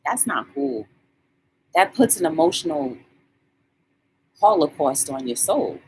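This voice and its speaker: Lively woman hosting a casual live stream. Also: fairly low pitch, measured pace, long pauses, slight background noise. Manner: animated, shouting out viewers by name; colloquial, conversational. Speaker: talk show host.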